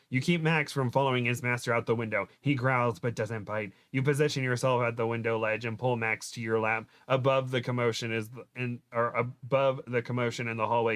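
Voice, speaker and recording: A man's voice: mid-range voice, fairly bright tone, no room sound. A man hosting a show, reading a book aloud dramatically and breaking off for joking asides. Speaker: host. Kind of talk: comedic read-aloud of a book.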